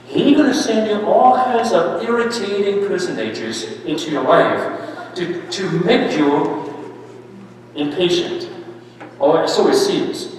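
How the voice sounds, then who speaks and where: A fairly high-voiced man preaching in a church, his words ringing back through a long hall reverb. He stands at a distance from the mic. He talks with his listeners more than at them, keeps tagging "right?" and "okay?", and jumps up in pitch and force on the points he wants to land. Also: measured pace, a little hiss or hum. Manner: lively and emphatic, with sudden rises on key points. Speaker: priest giving a parish mission. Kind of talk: conversational sermon.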